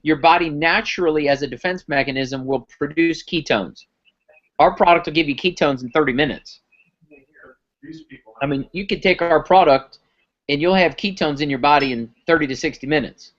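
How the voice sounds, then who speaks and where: A man giving a live sales pitch on a conference call, telling stories and acting out the dialogue. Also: moderate pace, fairly bright tone. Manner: storytelling, acts out dialogue. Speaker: company founder pitching product. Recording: muffled lo-fi recording.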